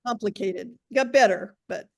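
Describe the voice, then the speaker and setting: Brief: female trainee, middle pitch, halting and self-correcting. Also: creaky, darkish tone. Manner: hesitant, restarts often. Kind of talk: group discussion comment.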